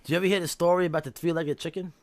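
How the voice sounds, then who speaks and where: A man's voice: a little high, steady tone. A man telling crude jokes in a rambling, profane way as a guest on a casual podcast. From Brooklyn, New York. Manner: rambling, profane, fast storyteller.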